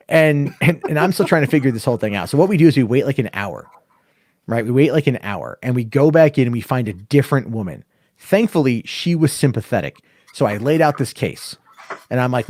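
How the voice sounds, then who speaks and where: A man on a casual podcast spins a rambling, profane story and jumps into the voices of the people in it. His voice sits at an ordinary pitch and sounds close and dry, with no room around it. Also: quick pace, dry recording. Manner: profane, animated storyteller acting out dialogue. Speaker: podcast host.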